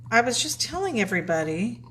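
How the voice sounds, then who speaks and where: A woman's voice: a little high, very animated, fairly quick, a bit bright, a little hiss or hum. A woman co-hosting a live stream, chatting casually and reading viewer comments aloud. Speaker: co-host reading live chat.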